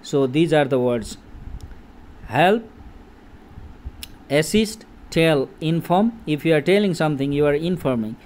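A man's voice: a little high, expressive, a little mellow. A man in his thirties teaching an English vocabulary lesson, repeating words and checking in with "okay?" again and again. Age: 30s. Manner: slow, repetitive, checks in with "okay?" often.

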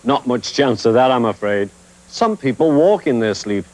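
A man reading a children's story aloud in a gentle, measured way, as the show's storyteller. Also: medium pitch, big pitch swings. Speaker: storyteller host. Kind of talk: scripted storybook narration. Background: background music.

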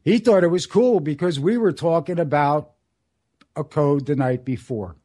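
A man in his sixties hosting a solo radio show, telling stories in a rambling, earnest way and slowing down for emphasis. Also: a little high, mellow. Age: 60s. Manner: rambling, earnest storytelling with dramatic slow emphasis. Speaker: radio host.

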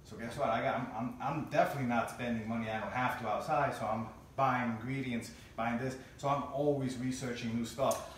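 A man appearing as a guest chef, telling his story in a casual, measured way. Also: medium pitch, fairly even intonation, a little hiss or hum. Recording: echoey room from far off.

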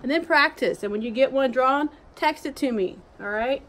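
A woman teacher giving a phonics lesson to young children from home, slowly sounding out letters in a sing-song way. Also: sits high, a bit bright, slight background noise. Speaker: elementary school teacher.

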